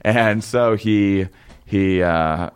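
A young man telling a long story in casual chat, halting and rambling with many fillers and restarts. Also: lowish voice, clean tone.

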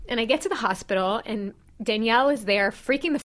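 A woman in her thirties, a podcast co-host, candidly retelling a painful personal story with animated quoted dialogue. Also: medium pitch, fast, few pauses. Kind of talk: personal storytelling in casual chat.

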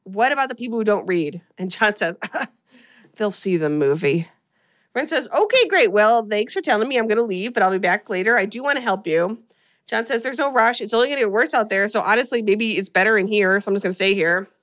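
A woman's voice: medium pitch, brisk, a bit bright. A woman hosting a podcast, recapping a horror movie in casual chat and laughing often as she retells scenes. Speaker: podcast host.

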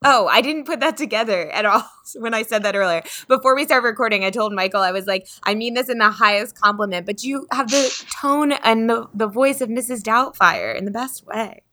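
A woman's voice: fairly high pitch, a little fast, few pauses, pushed and bright. A woman hosting a podcast in casual chat, chatty and hesitant with frequent laughs. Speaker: podcast host.

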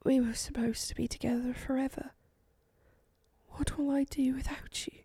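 A woman's voice: high-pitched, little pitch movement, moderate pace, no echo, voice pushed up, exaggerated voice. A woman voicing a fragile, grieving young woman. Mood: whispered grief. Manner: soft, breathy whispering.

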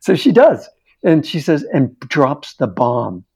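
A man's voice: a little high, big pitch swings, slow, gravelly, a little mellow, breathy edge. A middle-aged man, a therapist and interview guest, animatedly telling a case story and acting out the dialogue.

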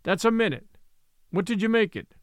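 A man's voice: sits high, expressive, normal speed, no room sound, clean studio sound, pitched above the performer's own voice. A man reading aloud voices a battered little former prize fighter, insistent and oddly cheerful. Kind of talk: audiobook reading.

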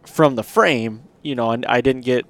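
A man's voice: medium pitch, moderate pace. A man hosting a podcast, telling a long hunting story in a rambling, casual way with lots of fillers. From Michigan. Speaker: podcast host.

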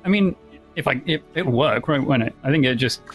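A man playing in a tabletop game, talking quickly and thinking aloud with halting restarts. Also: medium pitch, soft background music. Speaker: player. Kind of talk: casual play talk.

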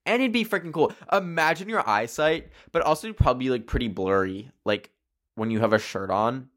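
A man's voice: mid-range voice, animated, a little fast, a bit bright. A young man rambling playfully through casual would-you-rather questions on his own video channel, with many fillers. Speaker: solo video creator.

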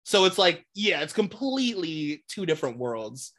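A woman's voice: lowish voice, normal speed. A woman co-hosting a podcast in casual chat, ranting bluntly with lots of swearing. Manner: blunt, sweary, animated rants with laughs. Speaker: podcast co-host.

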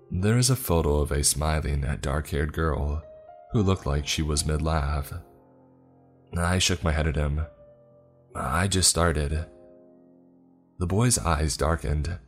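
A man narrating a scripted first-person story in a steady, even way. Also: a bass voice.

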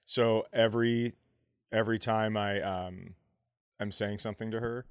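Middle-aged man, podcast co-host, animated comic storytelling, profane, dry close sound. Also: lowish voice, unhurried, smooth, dry recording. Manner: animated, profane, acts out quotes in raised voice. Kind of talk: casual comedic storytelling.

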